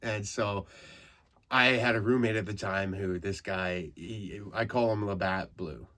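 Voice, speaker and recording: A low-pitched man from Canada tells rambling comic stories on his podcast, swearing freely. He drifts through loose asides, then gets loud and animated when he acts out the moments. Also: measured pace. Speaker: comedian, podcast host. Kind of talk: casual comic storytelling.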